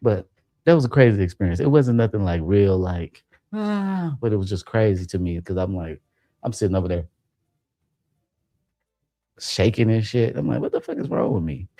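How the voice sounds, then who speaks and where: Gravelly-voiced man telling a wild story. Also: no room sound. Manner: animated, profane, jumps to high pitch when quoting himself. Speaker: livestream host. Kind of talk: casual storytelling about a dream.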